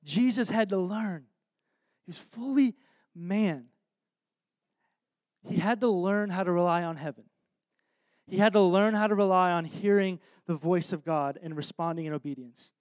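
High-voiced man giving a casual sermon. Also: moderate pace, pauses often, dry recording. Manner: casual, earnest, often trails off into soft quiet phrases. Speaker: preacher. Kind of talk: conversational sermon.

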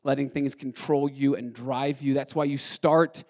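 A young adult man preaching a sermon, talking casually and with feeling, his delivery moving between quick, loud bursts and slow, quiet stretches. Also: medium pitch. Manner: animated, swings from fast and loud to quiet and slow. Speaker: pastor.

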